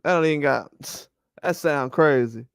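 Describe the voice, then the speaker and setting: Male boxing host, high smooth voice, dry close sound, loose rambling trash talk. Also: unhurried, no echo. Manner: animated, rambling trash talk with frequent laughs. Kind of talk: casual boxing commentary livestream.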